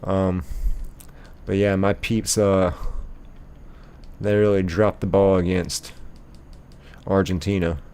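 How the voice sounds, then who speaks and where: A man's voice: low voice, flat delivery, takes it slowly, pauses often, a little mellow, clean tone. A young man streaming live, casually reading chat messages aloud and rambling with lots of ums and likes.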